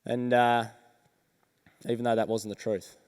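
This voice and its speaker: An Australian man giving a keynote talk on stage, his voice smooth and resonant as he tells his story slowly and earnestly, with deliberate pauses. The sound rings out with a long reverb from a large event hall. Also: mid-range voice, level tone, a little mellow. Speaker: motivational speaker. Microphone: stage microphone.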